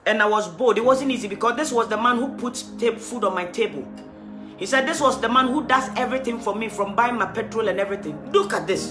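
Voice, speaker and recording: A woman preacher giving an impassioned livestreamed sermon, rising to loud exhortation. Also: a little high, brisk. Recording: roomy livestream audio, faint music.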